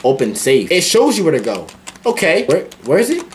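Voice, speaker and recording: A man giving loud, profane commentary on a horror game, yelping at scares and talking back to the characters. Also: on the high side, a little fast, a little hiss or hum. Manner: excitable, profane, yelps at jump scares. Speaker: gaming YouTuber.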